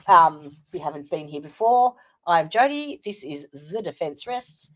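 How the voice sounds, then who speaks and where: A woman's voice: lowish voice, big pitch swings, moderate pace, hardly any pauses, fairly bright tone. An Australian woman hosting a casual livestream, chatty and welcoming viewers by name, with plenty of fillers. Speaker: livestream host.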